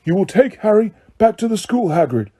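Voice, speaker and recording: A man voicing an elderly male wizard headmaster who gives calm, firm orders. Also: high voice, normal speed, voice pushed up.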